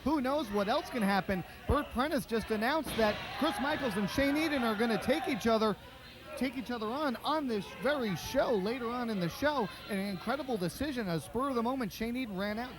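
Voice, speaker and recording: A man giving color commentary on a wrestling show, recapping events with skeptical asides. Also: very high voice.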